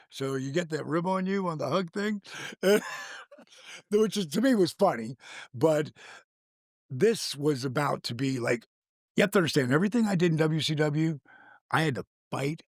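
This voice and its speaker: An older man with a gravelly voice, animated and swearing freely as he tells a story in casual chat, acting out the quotes. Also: fairly high pitch, no room sound, clean studio sound. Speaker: guest.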